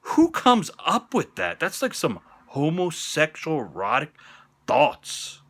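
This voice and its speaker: A man from the northern United States rants through his football picks on camera, sarcastic and heavy on the swearing. His voice is bright and edgy, and it leaps around in pitch from loud jabs to low, muttered asides. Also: wildly swooping pitch, slow pace, breathy edge. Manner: profane, sarcastic rant. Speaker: sports picks vlogger. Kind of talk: ranting sports opinion vlog. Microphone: on-camera vlog mic.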